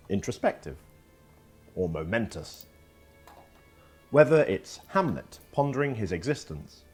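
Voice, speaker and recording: A man narrating an educational video in a measured, scripted style, leaning hard on stressed syllables. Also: fairly low pitch.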